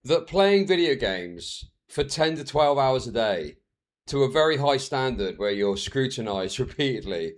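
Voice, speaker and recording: A man ranting as a streamer reacting to clips, heated, sweary and exasperated. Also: medium pitch.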